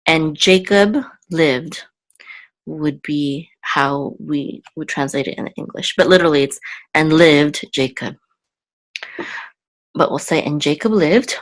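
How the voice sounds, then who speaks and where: A woman's voice: deep voice, unhurried, rough recording. A woman hosting a Hebrew reading lesson, patiently sounding out words syllable by syllable. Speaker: Hebrew teacher. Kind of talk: slow step-by-step reading lesson.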